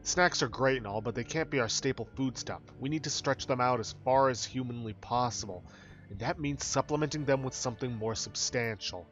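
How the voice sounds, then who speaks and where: A man's voice: medium pitch, brisk, fairly bright tone, dull audio, faint music behind, lightly acted. A man voicing a blunt, grim survivor who argues in a matter-of-fact way. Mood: insistent.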